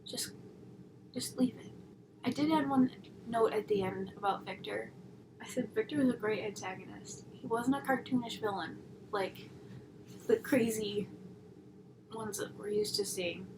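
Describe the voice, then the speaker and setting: A woman's voice: medium pitch, moderate pace. Rambling young woman reviewer, noisy room. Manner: rambling, tangent-prone, sarcastic asides. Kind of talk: casual chat. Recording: audible background noise.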